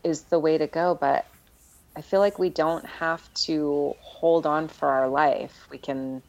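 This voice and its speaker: A woman talking earnestly and reflectively as a podcast guest, with many pauses and fillers. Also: deep voice, steady tone, vocal fry, a little mellow, low-quality recording. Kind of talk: casual personal storytelling.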